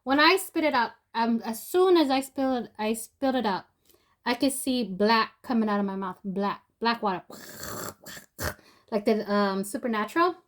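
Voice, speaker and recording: A woman's voice: fairly high pitch, normal speed. Rambling young woman telling a story. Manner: rambling, with many fillers and restarts. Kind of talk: casual spoken storytelling.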